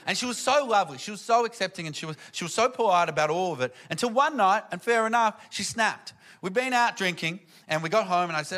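A man's voice: high-pitched, lively intonation, brisk, pushed and bright. A man performing a rambling, self-deprecating stand-up comedy set on stage, with audience laughter around him. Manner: rambling, self-deprecating storytelling with many fillers.

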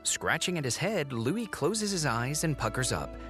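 A man narrating audio description in a measured, scripted reading. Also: a little high, sing-song. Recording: narration over film music.

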